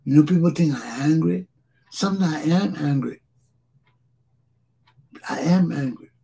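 A man's voice: fairly high pitch, unhurried, gravelly, warm tone, slightly rough. A Liberian man hosting his own talk show, speaking in an impassioned solo monologue and repeating phrases for emphasis.

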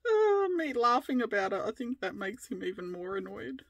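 Crafting vlog host: Australian woman, fifties, bright and breezy, rambling storyteller. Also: a little high, breathy edge, no room sound. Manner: rambling, chatty, often laughing.

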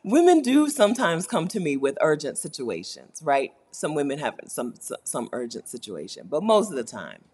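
A woman hosting a casual live stream, reading chat comments aloud, animated and laughing often, repeating her points for emphasis. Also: low voice, moderate pace, few pauses, breathy edge. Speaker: YouTube host answering live chat.

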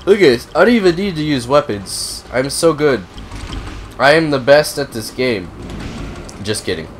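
A young man with a cold who coughs now and then, giving profane, excitable, rambling commentary on a racing game. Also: mid-range voice, moderate pace, soft background music. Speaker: gaming video host. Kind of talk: casual gameplay commentary.

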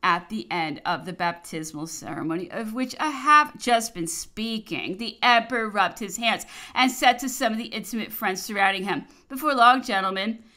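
A woman narrating a historical memoir as an audiobook, reading with expressive, varied emphasis. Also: medium pitch, normal speed, hardly any pauses. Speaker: audiobook reader.

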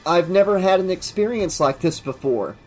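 A man's voice: sits high, animated, normal speed, a little mellow, soft background music, pitched above the performer's own voice. A man doing a nervous, earnest young guy. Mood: anxious. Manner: earnest, worried, pleading.

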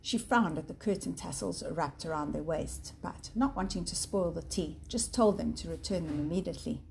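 A woman's voice: fairly low pitch, moderate pace, creaky, darkish tone, slight background noise. A woman narrating a children's story aloud. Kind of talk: storybook reading.

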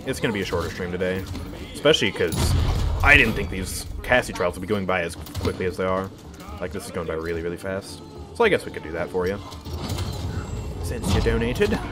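A man's voice: low voice, lively intonation, fairly quick, pauses often, loud music behind the voice. A man casually commenting on his gameplay as a streamer, reacting to the match and reading chat aloud. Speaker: game streamer.

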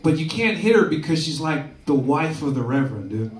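Man, stand-up comedian, crude, rambling, slightly high voice, far from the mic. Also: big pitch swings, brisk. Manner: crude, loose, keeps tagging lines with "dude". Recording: echoey room from far off, crowd laughter.

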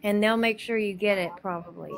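A woman co-hosting a livestream, offering calm, practical suggestions. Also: medium pitch, a little fast, vocal fry. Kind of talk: casual chat.

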